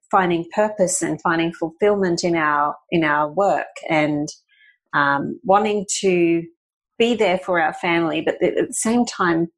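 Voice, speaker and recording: A woman hosting a podcast, asking a guest questions in a relaxed, encouraging way. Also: fairly low pitch, gravelly. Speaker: podcast host. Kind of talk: casual interview.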